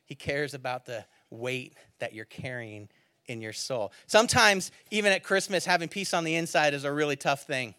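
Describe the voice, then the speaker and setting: Bright-voiced man preaching a sermon. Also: a little high, animated, moderate pace, dry recording. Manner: storytelling, swings from loud exclamations to hushed near-whispers. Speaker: pastor. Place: church service.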